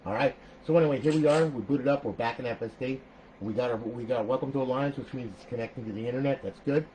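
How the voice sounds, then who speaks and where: A man's voice: mid-range voice, fast talker, rough recording. A man with an ordinary mid-range voice talks through a console setup step by step. He checks in with "okay?" constantly and flares up now and then. A faint noise hangs behind him. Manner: chatty, repeats "okay?", animated outbursts. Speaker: console modder giving a tutorial. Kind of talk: casual screen-recorded tutorial.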